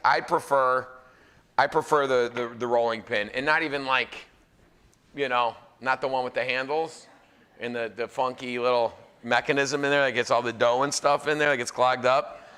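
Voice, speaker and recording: With a mid-range voice and steady, sharp tone, a man in his forties speaks at normal speed in a clean recording. He's a celebrity chef hosting a live cooking demo in a pizza academy kitchen, joking with and teasing the audience between tips.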